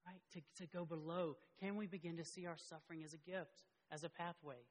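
A man preaching a sermon as pastor, impassioned and climbing to high emotional peaks as he tells stories and reads scripture. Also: steady tone, brisk. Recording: long hall reverb.

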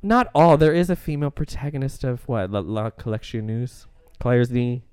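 Man, podcast co-host, rambling film chat, laughs a lot, smooth resonant voice, dry close sound. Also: mid-range voice, moderate pace, darkish tone, no room sound. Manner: rambling, tangential, laughs often; acts out movie lines in quoted voices. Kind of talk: casual film discussion chat.

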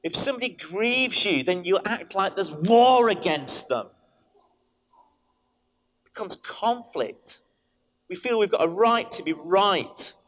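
A man, a vicar, preaching an animated sermon in church, telling stories and switching in and out of quoted voices. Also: sits high, slow, pauses often.

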